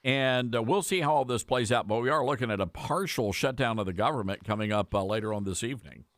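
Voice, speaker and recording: A man's voice: mid-range voice, quick pace, no echo, clean studio sound. A man hosting a talk radio show, with a folksy, sarcastic way of talking. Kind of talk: conservative talk radio commentary.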